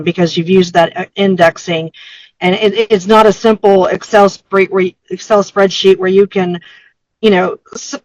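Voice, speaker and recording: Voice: mid-range voice, no echo, rough recording. Conversational host on a dry call. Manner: conversational, frequent restarts. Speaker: host for a breeders' association. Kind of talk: interview wrap-up and commentary. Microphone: video call.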